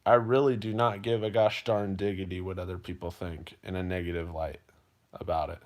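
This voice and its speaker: A man's voice: low-pitched, level tone, a little fast, a little mellow. Earnest, emotional male livestreamer. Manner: earnest and emotional, repeats himself; addresses viewers as you guys. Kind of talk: heartfelt livestream monologue.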